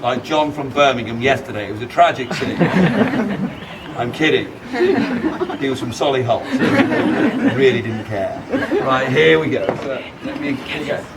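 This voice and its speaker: A man's voice: medium pitch, animated, unhurried. Teasing showman, distant, windy outdoors. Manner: theatrical, teasing, bursts into shouted battle cries. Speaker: costumed castle performer. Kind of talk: live comic crowd-work show. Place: outdoors at a castle gate. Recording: distant handheld recording with loud wind. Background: crowd of visitors and wind noise.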